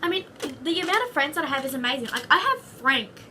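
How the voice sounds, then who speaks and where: A young Australian woman talks to her camera in a high, bright voice, rambling from one goofy aside to the next. She sits a little back from the mic, and faint room noise hangs behind her. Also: sing-song, fast talker, distant mic. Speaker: vlogger. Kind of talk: casual chatty vlog.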